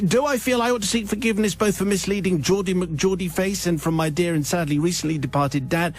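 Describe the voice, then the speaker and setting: A radio host reading a listener's confession letter aloud with wry, theatrical storytelling, in a studio. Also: male voice, sits high. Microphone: studio microphone.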